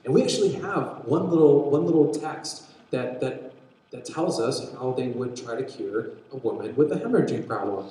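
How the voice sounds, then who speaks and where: A young man teaching a Bible story to young people, telling it with animated energy and acting out voices. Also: medium pitch, moderate pace. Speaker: youth pastor. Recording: very echoey room.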